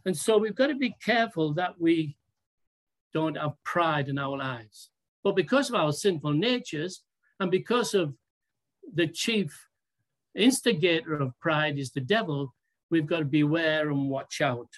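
A preacher delivering a sermon in a deliberate, emphatic way, asking rhetorical questions and drawing out key words. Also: medium pitch.

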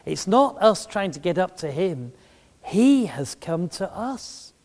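A man's voice: high voice, sing-song, takes it slowly, a little mellow. A middle-aged man preaching a sermon, telling a story with emphasis and humor. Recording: long reverb in a large hall.

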